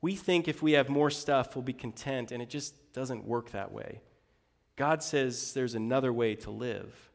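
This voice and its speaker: A man's voice: medium pitch, creaky. Middle-aged guy preaching, chatty, asks questions, long echo in the hall. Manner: conversational preaching with rhetorical questions, slowing for quoted scripture. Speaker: pastor. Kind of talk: sermon.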